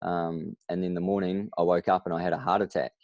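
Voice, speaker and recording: A New Zealand man with a deep, low-pitched voice talks as a guest on a podcast. He tells his story in an animated way, acting out other people's lines as he goes. The sound is dry and close. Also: brisk, no echo, dull audio. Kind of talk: casual interview.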